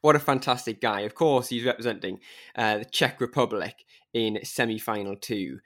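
A man's voice: fairly low pitch, moderate pace, fairly bright tone. A man co-hosting a podcast, chatty and teasing, introducing an interview. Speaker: podcast co-host. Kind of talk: casual podcast chat.

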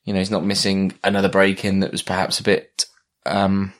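A man's voice: low-pitched, monotone, a little fast. A young man chatting casually, telling a long story with many fillers and restarts. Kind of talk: casual chat.

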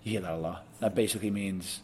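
A man's voice: low voice, steady tone, fast, darkish tone, slight background noise. A young man telling a long story in casual chat, laughing often and quoting people as he goes. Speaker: guest.

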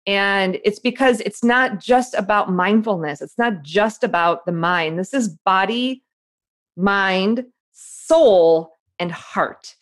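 A woman in her forties, an author, telling her story in a lively, quick conversational way and acting out the voices she heard. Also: mid-range voice. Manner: animated, quick storyteller who acts out her inner voice. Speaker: author and guest. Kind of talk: conversational interview.

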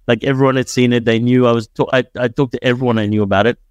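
A man's voice: medium pitch, steady tone, racing, clear, resonant tone, no room sound, lo-fi sound. A young adult man from Dubai, a podcast guest telling his story in casual chat, often tagging sentences with "right?". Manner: storytelling, frequent "right?" tags.

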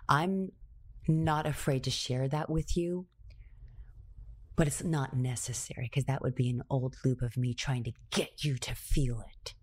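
A woman telling a personal story in a confessional monologue, moving between hushed, near-whispered phrases and intense, emphatic bursts, with words repeated for rhythm. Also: extremely low pitch.

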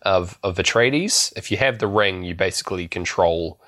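A man's voice: deep voice, normal speed, fairly bright tone. A man co-hosting a casual film podcast, recapping scenes in a rambling way with lots of fillers and restarts. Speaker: podcast co-host.

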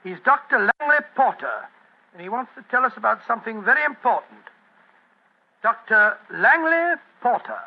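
A loyal, good-natured old doctor speaks in a very high, husky voice. He sounds eager and a bit flustered. It all comes through muffled, like a 1940s radio broadcast. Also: expressive, moderate pace, full character voice. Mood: genial. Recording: dull lo-fi 1940s radio recording.

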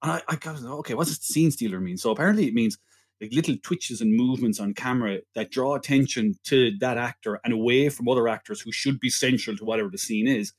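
A man's voice: mid-range voice, quick pace. Rambling, jokey podcast host, a man. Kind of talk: casual chat.

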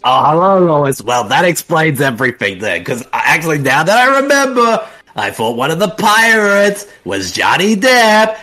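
A man voicing a scatterbrained, boozy, flirty woman in an improvised comic bit, rambling and lurching up and down in pitch. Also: sharp tone. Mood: giddy.

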